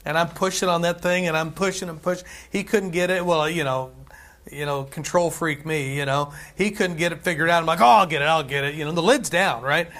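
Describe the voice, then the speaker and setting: Casting: male pastor with a fairly high voice, loose sermon delivery, repeats himself for emphasis. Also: steady tone, a little fast, a bit bright. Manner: conversational, repeats phrases, tosses in "right?" and "amen".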